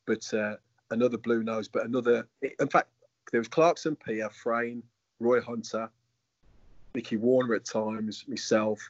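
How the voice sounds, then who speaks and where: Brummie ex-footballer spinning yarns, husky, muffled dry sound. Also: male voice, on the low side, dry recording. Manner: animated, acts out quoted voices. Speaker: former footballer and coach, guest. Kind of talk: anecdotal storytelling.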